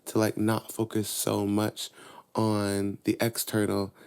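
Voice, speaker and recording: A young man on a podcast as a guest, chatting casually and telling lively personal stories. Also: takes it slowly, creaky, smooth. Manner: animated storyteller, voices his younger self and mom in higher tones. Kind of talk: casual chat, storytelling.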